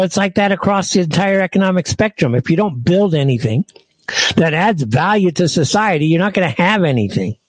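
Man, podcast host, angry ranting monologue, scornful, high-pitched, dry. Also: dry recording, low-quality recording.

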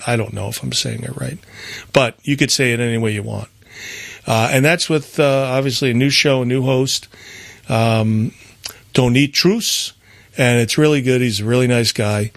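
A man's voice: mid-range voice, creaky, dry recording. A man co-hosting a call-in radio show, running through the station lineup in a loose, rambling way with many fillers. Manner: rambling, with frequent fillers and restarts. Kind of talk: casual radio announcement.

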